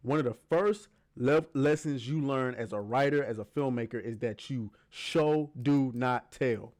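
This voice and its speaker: A man's voice: medium pitch, unhurried, darkish tone. A man giving heated, argumentative reaction commentary on a video clip, emphatic and swearing often.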